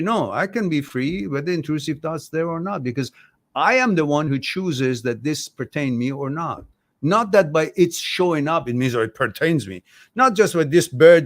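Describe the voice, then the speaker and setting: Blunt man giving relationship advice. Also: a little high. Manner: blunt, direct, swears casually. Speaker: host answering viewer questions. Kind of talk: casual advice talk.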